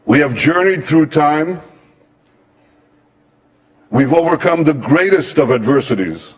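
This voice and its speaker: A man giving a formal address to an assembly as a head of government, with slow, measured, solemn delivery. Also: a little high, animated.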